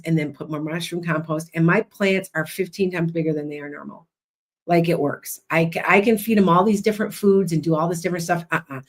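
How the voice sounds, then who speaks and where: A woman hosting a livestream as a psychic and hypnotist, chatting loudly and rambling with many restarts. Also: on the low side.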